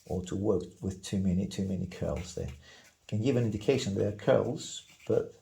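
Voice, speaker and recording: A man teaching drawing, talking calmly and unhurriedly, often repeating single words under his breath as he works. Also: on the low side, gravelly, rough recording. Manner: calm, unhurried, muttering repeated words while sketching. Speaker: art instructor. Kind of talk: slow drawing tutorial narration.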